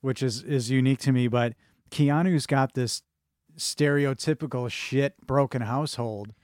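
A man's voice: mid-range voice, steady tone, moderate pace, darkish tone, dry recording, clean studio sound. A man co-hosting a casual film podcast, talking in rambling bursts with many restarts. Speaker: podcast co-host.

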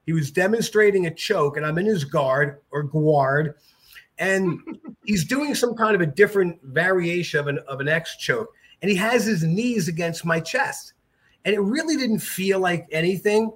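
Middle-aged male guest with a high voice, lively, joking anecdotes. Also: normal speed. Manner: animated, jokey, mimics voices. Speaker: podcast guest, jiu-jitsu black belt. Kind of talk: casual storytelling.

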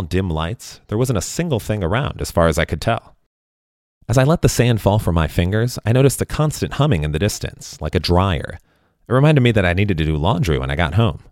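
A man narrating a first-person story in a wry, deadpan way. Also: deep voice, no echo, studio quality.

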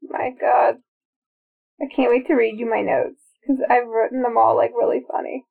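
A woman's voice: a little high, little pitch movement, normal speed, gravelly. A woman co-hosting a podcast, chatting casually and eagerly sharing trivia while watching a movie. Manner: chatty, enthusiastic about trivia. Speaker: podcast co-host. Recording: phone-like narrow sound.

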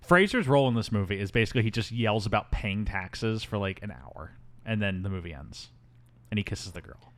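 Wry, animated man recapping a movie. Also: lowish voice, brisk. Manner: wry, deadpan, does mocking impressions. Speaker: podcast co-host. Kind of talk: casual movie recap chat.

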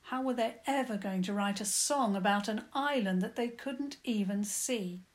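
A woman calmly and gently narrating a children's story. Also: medium pitch, moderate pace.

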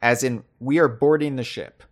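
A man co-hosting a podcast in casual chat, animated and thinking aloud, often restarting and repeating words. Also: moderate pace. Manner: animated, puts on a loud booming trivia voice. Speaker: podcast co-host.

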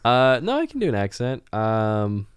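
A man's voice: medium pitch, wildly swooping pitch, moderate pace, smooth, dry recording. A young adult man chatting as a podcast guest, easygoing and self-deprecating, laughing often. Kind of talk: casual chat.

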